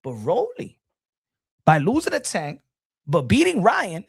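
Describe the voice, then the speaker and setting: A man hosting a casual live boxing stream, reading chat comments and talking in an animated, excitable way with lots of slang and restarts. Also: high-pitched, a little slow, gravelly, pauses often, breathy edge, dry recording, clean studio sound.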